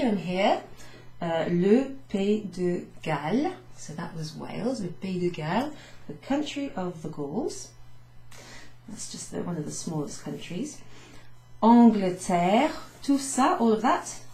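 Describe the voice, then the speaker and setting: Mellow-voiced woman teaching French. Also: lowish voice, roomy sound. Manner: patient, explains step by step with French examples. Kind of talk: recorded lesson recap.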